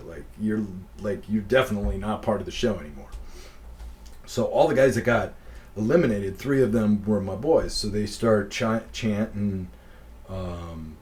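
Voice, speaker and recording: A man's voice: fairly low pitch, a little mellow. A middle-aged man from Wisconsin, telling a story casually, rambling and swearing freely. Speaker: podcast host.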